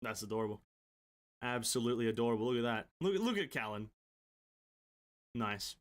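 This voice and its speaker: Excitable, swearing gaming host. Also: male voice, medium pitch, moderate pace, long pauses. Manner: profane, excitable reactions; stumbles over words while reading. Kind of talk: reading game manga aloud with reactions.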